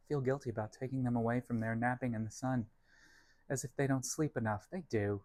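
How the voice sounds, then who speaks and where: A man's voice: medium pitch, steady tone, brisk, a little mellow, no echo. Rambling man chatting in a dry kitchen. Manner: rambling, self-deprecating, talks to his cats. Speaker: vlog host. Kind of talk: casual cooking vlog chat. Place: home kitchen.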